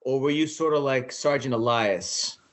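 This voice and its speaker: A man's voice: mid-range voice, moderate pace. A man co-hosting a podcast, chiming in with jokes and movie references in casual chat. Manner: joking interjections, movie references. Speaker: podcast co-host.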